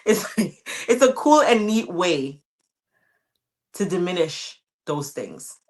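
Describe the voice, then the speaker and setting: Low-voiced encouraging woman host. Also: very animated, takes it slowly, a little mellow. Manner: encouraging, affirming. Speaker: podcast host. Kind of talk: casual interview chat.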